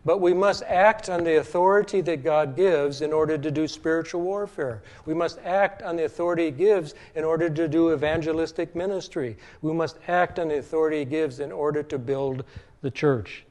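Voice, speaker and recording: A man preaching a sermon in a measured teaching tone, slowing down to stress scripture quotes. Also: a little high, a little mellow.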